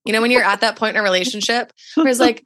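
A woman's voice: on the high side, racing, a bit bright, no echo, clean studio sound. A young adult woman, a podcast guest, telling a personal story in casual chat and saying "like" often. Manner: chatty storytelling, heavy use of "like".

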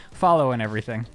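A man co-hosting a podcast in casual chat, with wry, deadpan jokes. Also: medium pitch. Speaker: podcast co-host.

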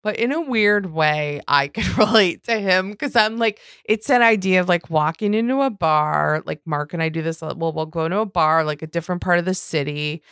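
A woman's voice: fairly low pitch, normal speed, hardly any pauses, fairly bright tone, clear, resonant tone, no room sound, studio quality. A woman co-hosting a podcast, recapping a reality show in casual, sarcastic, exasperated talk with some swearing. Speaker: podcast co-host.

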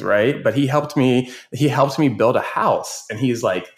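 A man's voice: medium pitch, measured pace, few pauses. A male educator, a podcast guest, telling stories in casual conversation and acting out the children he quotes. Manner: animated storyteller, quotes kids in raised voices.

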